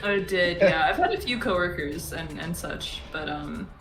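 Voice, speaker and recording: A woman's voice: lowish voice, lively intonation, normal speed, a bit bright. Woman rambling away between rpg scenes, lots of restarts, roomy echo, faint music under. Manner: rambling, chatty storyteller with many restarts. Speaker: tabletop game player. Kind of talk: casual out-of-game chat.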